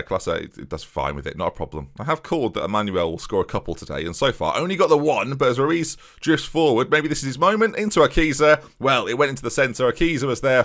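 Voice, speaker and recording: A man's voice: mid-range voice, fairly bright tone. A man giving chatty let's-play commentary on a football management game, talking straight to his viewers. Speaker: video game streamer.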